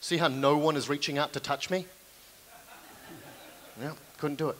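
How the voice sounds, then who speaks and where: A young man with a New Zealand accent doing live stand-up comedy on stage, with self-deprecating, deadpan asides to the audience. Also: on the high side, normal speed, long pauses. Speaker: comedian and card manipulation performer.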